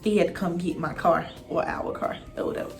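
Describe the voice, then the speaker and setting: Animated young woman telling a storytime. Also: fairly low pitch, brisk, creaky, faint music behind. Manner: animated, profane, addresses viewers directly. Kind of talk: casual storytime monologue.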